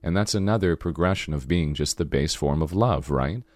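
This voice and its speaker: A man hosting a podcast, giving a slow, earnest spiritual monologue in a low, sultry morning voice. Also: darkish tone, dry recording. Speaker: podcast host.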